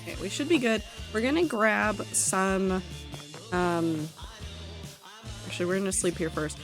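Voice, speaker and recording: Woman game streamer, casual and chatty, mid-pitched, faint music underneath. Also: measured pace. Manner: chatty, giggly, reads chat aloud. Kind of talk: casual gaming stream chat.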